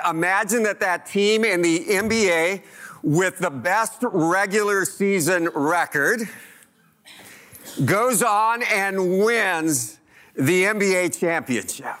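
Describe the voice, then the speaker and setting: A male pastor delivers a sermon in a high, bright voice. He talks slowly and conversationally, throwing questions at the congregation and building up energy as he goes.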